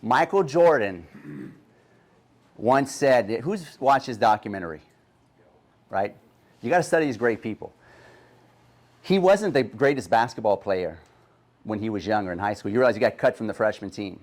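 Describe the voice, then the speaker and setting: A man with a deep Southern accent giving a brash, profane seminar talk, throwing rhetorical questions at a live audience. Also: expressive, moderate pace, pauses often. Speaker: guest speaker. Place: conference room with live audience.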